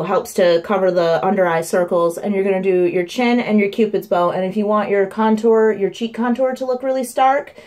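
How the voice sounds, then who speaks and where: A young woman casually explaining her makeup steps at home in a makeup tutorial vlog. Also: darkish tone. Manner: chatty, breaks into high sing-song baby talk. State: winded from running up stairs. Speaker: makeup vlogger.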